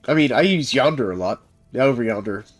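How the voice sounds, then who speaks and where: A man's voice: medium pitch, animated, fairly quick, soft background music. A man in his thirties from the American South, chatting loosely while gaming on a livestream. He rambles with lots of fillers and chuckles. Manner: rambling, laid-back, many fillers and chuckles. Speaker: livestreaming gamer and server host. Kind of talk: casual chat while playing.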